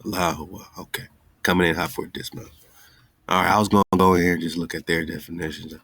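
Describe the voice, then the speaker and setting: Deep-voiced man hosting casual live talk. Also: flat delivery, quick pace, creaky, a bit bright. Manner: loose, exasperated, talks straight to listeners. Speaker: online radio show host.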